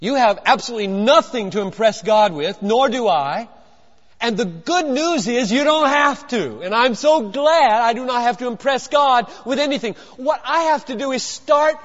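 A man with a high-pitched voice preaches a sermon, swinging from near-whispers to loud emphatic bursts. He drives his points home with rhetorical questions and repetition. The sound is dull and lo-fi, with long reverb from a large hall. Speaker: pastor.

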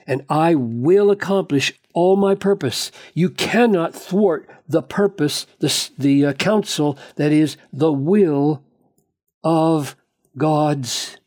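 A man delivers a Bible teaching at a slow, deliberate pace, leaning hard on key words. His voice sits a little higher than most men's yet sounds dark and mellow. He speeds up when reading quotations aloud. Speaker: preacher.

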